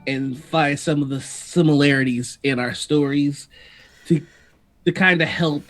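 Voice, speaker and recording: A man co-hosting a live stream chat, laughing often and talking in halting restarts, with the hiccups. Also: fairly high pitch, fairly bright tone, faint music behind. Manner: giggly, halting, many restarts. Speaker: co-host.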